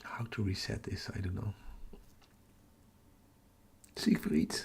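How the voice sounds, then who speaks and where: A man, hosting a live telescope stream in a hushed whisper, halting and correcting himself as he works outdoors at night. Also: lowish voice, flat delivery, gravelly, slightly rough. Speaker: astrophotography livestream host.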